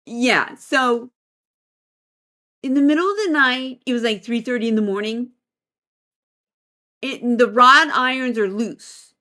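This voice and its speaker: A middle-aged woman, a psychic medium, telling a story in a casual interview as an animated storyteller who laughs often. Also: a little high, measured pace, long pauses.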